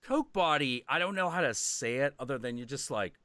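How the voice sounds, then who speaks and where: A man chatting on a livestream, swearing freely and acting out the people in his stories. His pitch swings widely as he tells them. The sound is dry and close. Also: lively intonation, a little fast, bright, forceful tone, smooth, dry recording. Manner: profane, rambling storytelling with mock-quoted voices. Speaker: stream host. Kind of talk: casual chat.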